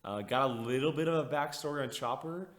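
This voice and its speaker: A man's voice: medium pitch, brisk, echoey room. A man hosting a casual podcast chat, leading the segments with enthusiasm. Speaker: podcast host.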